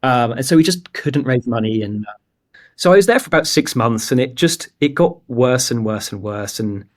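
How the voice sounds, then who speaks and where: A man from England in his late twenties speaks at normal speed with a medium pitch and lively intonation. As a startup founder guesting on a casual interview, he tells a candid, rambling story about his startup, saying "like" constantly.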